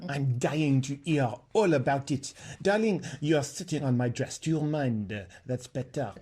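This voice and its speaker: A man voicing a lazy, giggly young noblewoman who talks loudly and gushes in a high, drawling voice. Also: expressive, measured pace, husky. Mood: gushing. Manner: high drawling voice, loud and gushing.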